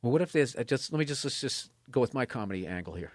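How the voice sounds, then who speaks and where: A man in casual podcast chat, telling a story with profanity and animated bursts that rise out of low mumbling. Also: fast. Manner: animated, profane, jumps from mumbling to excited outbursts. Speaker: comedian guest.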